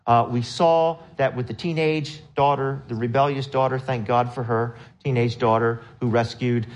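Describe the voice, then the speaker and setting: A man preaching a sermon, retelling a story with lively acted-out quotes and questions to the congregation. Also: mid-range voice. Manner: animated storytelling, acts out quotes in raised voice. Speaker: pastor.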